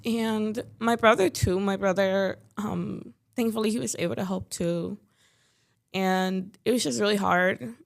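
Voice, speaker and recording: A young woman from Chicago talks as a podcast guest, her voice set in a mid range with a steady run of vocal fry. She keeps it loose and conversational, filling her talk with "like" and "you know". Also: medium pitch, a little slow. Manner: talkative, leans heavily on "like" and "you know". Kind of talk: casual interview chat.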